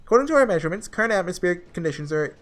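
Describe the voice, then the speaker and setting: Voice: mid-range voice, animated, very fast, faint music behind, natural voice. A reader doing a worried game doctor on comms. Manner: reads out technical terms, stumbling. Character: anxious male doctor giving readings over comms.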